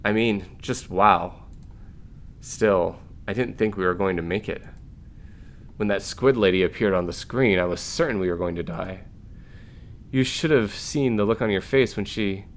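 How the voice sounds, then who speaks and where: A man's voice: on the low side, unhurried, slight background noise. A man reading the lines of a blunt, wry woman marine in a game, in a dry way.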